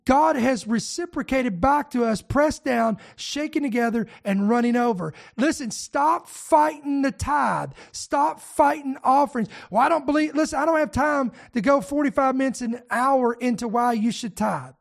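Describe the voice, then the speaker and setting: A man's voice: very high voice, moderate pace, gravelly, hardly any pauses. Man, preacher, emphatic sermon delivery, repeats and restarts phrases.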